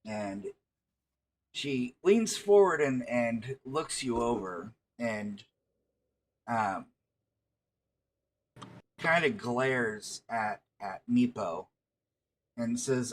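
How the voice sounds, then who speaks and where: Guy running a tabletop game, slow, lots of um and restarts, mid pitch. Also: expressive. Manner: halting, frequent restarts and fillers. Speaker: game master.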